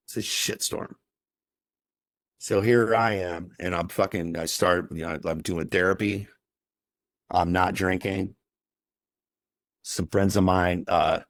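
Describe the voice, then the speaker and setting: A man's voice: sits low, gravelly, no echo. A man as a podcast guest, telling his personal story in a raw, emotional way and swearing heavily.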